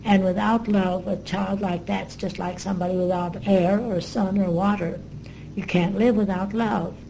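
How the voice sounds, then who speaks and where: An older woman recalls her past for an interviewer. Her voice is warm and mellow, and she speaks earnestly and reflectively, often pausing with small fillers. A faint background noise runs under her. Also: medium pitch, fairly even intonation, creaky, rough recording. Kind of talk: recounting memories in an interview.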